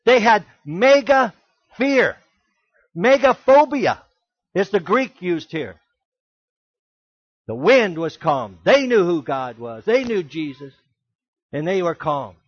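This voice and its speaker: A man preaching a sermon as pastor, emphatic, with rhetorical questions and sudden loud exclamations. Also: high voice, big pitch swings, takes it slowly, long pauses, dry recording, dull audio.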